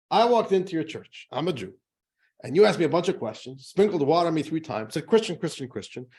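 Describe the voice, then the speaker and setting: A man voicing a cool, cunning Jewish businessman in a told joke, calmly and smugly explaining himself. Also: sits high, pitched above the performer's own voice.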